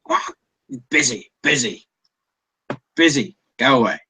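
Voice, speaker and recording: A man's voice: mid-range voice, expressive, slow, bright, forceful tone, slight background noise, pitched above the performer's own voice. A man voicing a greedy, impatient seagull with a squawking, barking call. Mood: squawky.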